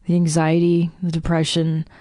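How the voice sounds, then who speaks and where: A woman's voice: low-pitched, monotone, moderate pace, dark tone, dry recording, studio quality. A woman guest on a podcast, talking candidly and self-deprecatingly and swearing freely. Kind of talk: candid conversation.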